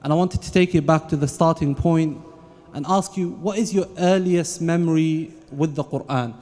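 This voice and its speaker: Male panel moderator, lighter voice, easy unhurried questions, reverberant hall. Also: fairly high pitch, mellow. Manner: friendly and unhurried, with religious phrases. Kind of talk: hosting a panel Q&A. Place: event hall at an Islamic centre.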